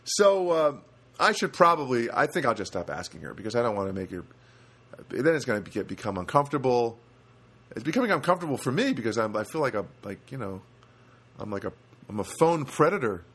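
Older male storyteller, casual and rambling, animated pitch, average register. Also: brisk, slightly rough. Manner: rambling, many restarts and asides.

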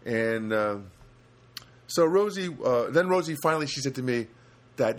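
A man's voice: medium pitch, animated, normal speed, pauses often. An older man telling stories in a casual, rambling monologue, with lots of restarts and asides.

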